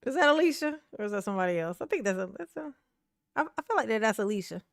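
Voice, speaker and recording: A woman's voice: mid-range voice, big pitch swings, fast, gravelly, dry recording, clean studio sound. A woman hosting casual online commentary, chatty and slangy, laughing often and talking back to what she watches.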